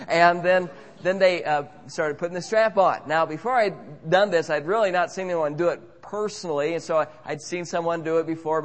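A man telling a humorous, self-mocking story as a preacher, in an animated way. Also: a little high. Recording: echoey hall.

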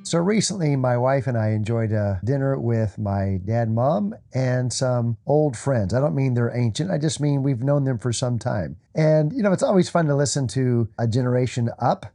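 A middle-aged man giving a short devotional Bible talk as its host, earnest and measured in manner. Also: medium pitch, animated, mellow, soft background music. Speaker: radio Bible teacher.

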